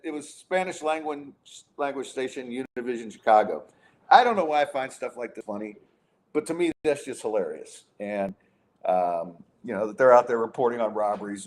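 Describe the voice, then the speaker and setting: A man's voice: mid-range voice, darkish tone. A middle-aged man hosting a podcast, chatting casually and ranting with sarcasm and frequent restarts. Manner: exasperated, sarcastic, many restarts. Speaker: podcast host.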